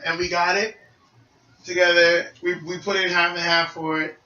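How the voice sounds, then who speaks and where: A young man co-hosting a casual gaming podcast, telling stories with lots of acted-out voices and shouts. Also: high voice, moderate pace, muffled recording. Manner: animated storyteller, acts out voices and shouts. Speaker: podcast co-host. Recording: echoey room, mic at a distance.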